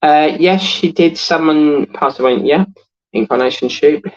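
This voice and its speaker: A man's voice: a little high, a little slow, lo-fi sound. A man in his thirties hosting a casual livestream, rambling and laughing as he reads out viewer comments. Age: 30s. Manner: chatty and rambling, laughs often, many fillers. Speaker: host of a model-building livestream.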